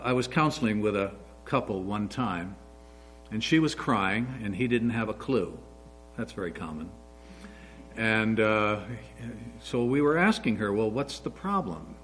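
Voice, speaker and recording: A man's voice: on the low side, expressive, measured pace, faint music behind, poor audio. Older male pastor preaching earnestly. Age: 60s. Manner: storytelling, earnest, with fillers. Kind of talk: sermon.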